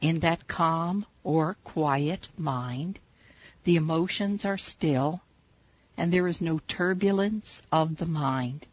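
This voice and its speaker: A woman teaching a spiritual meditation, guiding listeners in slow, measured, soothing instructions. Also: sits low, slightly rough, dry recording. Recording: dull lo-fi recording.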